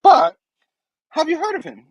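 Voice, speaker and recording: A man's voice: very high voice, big pitch swings, a little slow, no room sound, lo-fi sound, voice pushed up, heavily acted. A man putting on the voice of a perky young woman college student in a comic-book retelling, chirpy and pushy. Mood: pleading.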